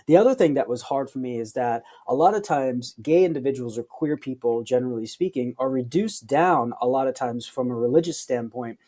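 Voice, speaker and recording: Man, podcast guest, thoughtful, reflective, mellow warm voice, medium pitch. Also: brisk, hardly any pauses. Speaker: psychologist guest. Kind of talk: conversational interview.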